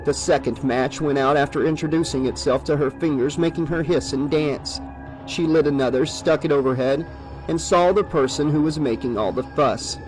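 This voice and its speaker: Male audiobook narrator, fairly high voice. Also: faint music behind, rough recording. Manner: steady, measured reading.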